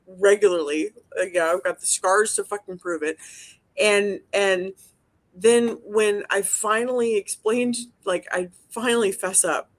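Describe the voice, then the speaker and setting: A woman telling a personal story on a podcast, emotional and freely swearing. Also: mid-range voice. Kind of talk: casual podcast chat.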